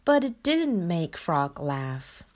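Slow, expressive woman reading a picture book. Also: fairly low pitch. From China. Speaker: storybook reader. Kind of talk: children's picture book read-aloud.

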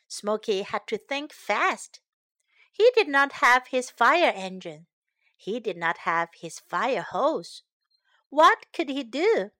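A woman reading a children's story aloud, slowly and expressively, doing little voices for the characters. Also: on the high side, big pitch swings, fairly bright tone, no echo, clean studio sound.

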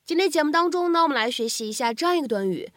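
A woman teacher giving a scripted English lesson, cheerful and explanatory, slowing down to repeat phrases. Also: high-pitched, lively intonation.

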